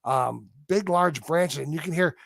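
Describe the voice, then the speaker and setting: A man with a gravelly, fairly high voice tells a story as a podcast guest. He acts out the sounds himself and keeps it vivid. The sound is dry and close. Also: a little slow, a bit bright, no room sound.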